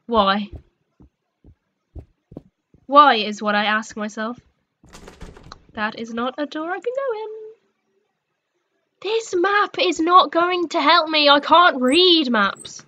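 A young woman with a high, bright voice talks through a horror game, cursing and jumping from scared yelps to grumbling mutters. The sound is a little dull, with a faint hiss behind her. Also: expressive, slow pace, pauses often. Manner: jumpy, sweary, swinging between shrieks and mutters. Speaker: gaming streamer.

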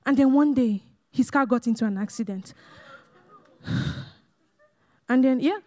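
A young Nigerian woman giving a lively testimony talk, laughing often and acting out conversations as she speaks to the audience. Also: high voice, unhurried. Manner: animated storyteller, laughs often, acts out dialogue, talks to the crowd as "guys". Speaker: guest speaker sharing a testimony. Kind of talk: sermon-style personal testimony.

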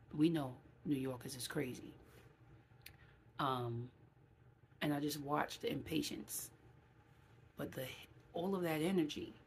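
A middle-aged woman from New City, talking casually to camera in a vlog. She is animated and acts out quoted voices, with many fillers. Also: sits low, vocal fry, slight background noise. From New York City. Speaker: vlogger.

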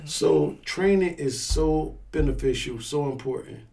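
A man's voice: on the high side, lively intonation, measured pace, mellow. A man who teaches firearms classes and serves as a pastor, talking casually in an interview and acting out scenarios with quoted voices.

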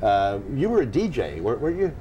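A man's voice: mid-range voice, huge pitch swings, quick pace, mellow, muffled recording. A man hosting an interview, asking questions and chiming in with encouraging remarks. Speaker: interviewer host. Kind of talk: casual interview.

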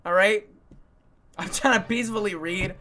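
A young man streaming, telling a story to his chat in a casual, animated way, swearing and using lots of fillers. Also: high voice, normal speed. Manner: animated, swearing, frequent fillers, breaks into laughter.

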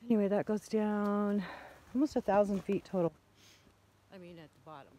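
A woman vlogging outdoors on a chilly mountain while walking her dogs, a bit out of breath, calling to them in a high sing-song voice. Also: moderate pace, warm tone, a little hiss or hum. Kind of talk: casual vlog narration while walking dogs.

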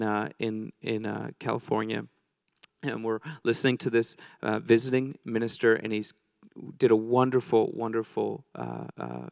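A man's voice: mid-range voice, gravelly, no echo, clean studio sound. A middle-aged man preaching a sermon, telling a story in a casual, joking way with many restarts.

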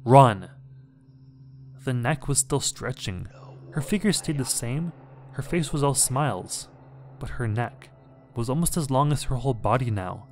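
A man's voice: mid-range voice, faint music behind. Man narrating a horror story. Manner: measured, dramatic storytelling.

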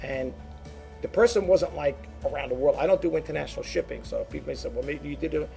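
A man's voice: on the high side, fast talker, creaky, dark tone, soft background music. A man who resells online, chatting casually to his viewers, rambling and repeating words as he goes. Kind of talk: casual talk to camera.

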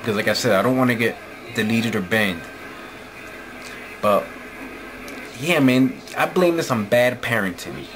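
A man's voice: mid-range voice, expressive, a little slow, pauses often. A man from New Jersey ranting angrily and profanely into the camera late at night, often repeating "you know what I'm saying.". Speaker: vlogger. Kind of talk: late-night opinion rant.

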